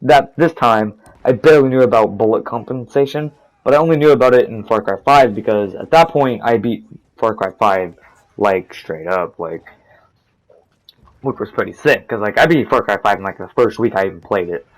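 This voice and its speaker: A man's voice: fairly low pitch, moderate pace, rough recording. A teenage boy telling a rambling, profane story over gameplay, restarting his sentences often. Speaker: gaming storytime narrator.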